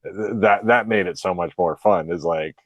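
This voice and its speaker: Deep-voiced man, laid-back joking guest. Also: normal speed, no room sound. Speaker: podcast guest. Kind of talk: casual podcast chat.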